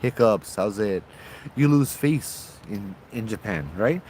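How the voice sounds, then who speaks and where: A man with a Hawaiian accent, a bit tipsy, telling ghost stories outdoors in a relaxed, rambling way with local slang. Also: fairly low pitch, takes it slowly, slight background noise. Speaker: host, ghost-story teller. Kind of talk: casual spoken storytelling. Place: outdoors at night.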